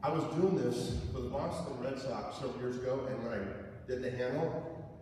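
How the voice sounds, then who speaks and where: A man giving a humorous storytelling talk as a chapel speaker, animated and breaking into loud acted-out voices. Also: medium pitch. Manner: animated, acts out voices loudly. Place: large school gym or hall. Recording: echoey hall, distant mic, noisy.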